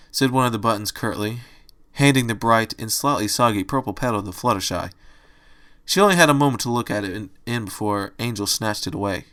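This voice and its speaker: A man reading a fan fiction story aloud in a steady storytelling manner. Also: lowish voice, brisk. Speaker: storybook reader.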